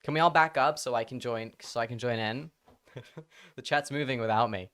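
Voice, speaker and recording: A live streamer talking casually to their audience at a middle pitch. The talk rambles, breaks into laughter often and drops curse words freely. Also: brisk, a bit bright, smooth.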